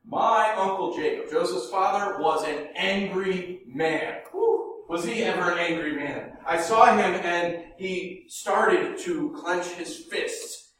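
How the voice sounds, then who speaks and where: Animated male storyteller in an echoey room. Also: sits high, slow, few pauses, far from the mic, slight background noise. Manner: animated, swinging from hushed murmurs to loud bursts. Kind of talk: first-person dramatic monologue.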